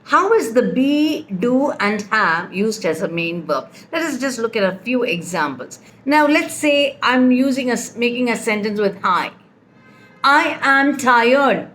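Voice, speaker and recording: A woman's voice: a little high, lively intonation, a little slow, fairly bright tone. A woman teaching a grammar lesson, patiently explaining with repeated example sentences. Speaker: English teacher.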